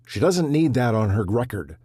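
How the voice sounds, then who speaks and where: A man's voice: medium pitch, big pitch swings, moderate pace, dark tone, husky, no room sound, studio quality, pitched above the performer's own voice. A man voicing a torn, remorseful middle-aged rancher father who speaks in earnest, anguished bursts.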